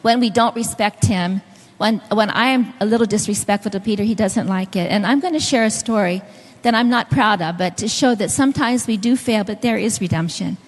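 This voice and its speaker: A woman's voice: medium pitch, brisk, big-room sound. A middle-aged woman preaching a sermon, telling stories and speaking directly to the congregation. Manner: storytelling, directly addressing the audience.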